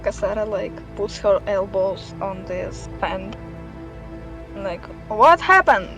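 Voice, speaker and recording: Woman, game player, in-character roleplay, slow-paced, animated voice. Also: mid-range voice, faint music behind, low-quality recording.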